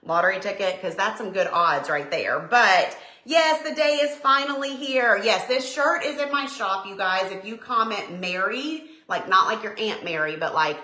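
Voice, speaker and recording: Southern woman, middle-aged, bright and chatty live-stream host, roomy echo. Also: mid-range voice, normal speed, few pauses. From Tennessee, USA. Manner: bubbly, chatty, greets viewers by name. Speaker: decor business owner hosting a live stream. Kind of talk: casual live-stream chat. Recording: echoey room.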